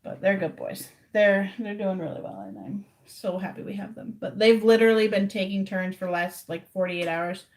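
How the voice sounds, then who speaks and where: Female streamer, relaxed rambling chat with viewers from her room. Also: mid-range voice, normal speed, few pauses. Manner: rambling, chatty, talks to viewers directly. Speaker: livestreamer. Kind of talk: casual livestream chat.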